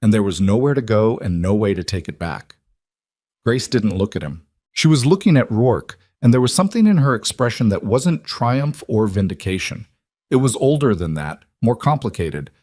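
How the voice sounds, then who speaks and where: Low-voiced man narrating a drama. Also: darkish tone, no echo, clean studio sound. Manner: measured, dramatic pauses. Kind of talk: scripted story narration.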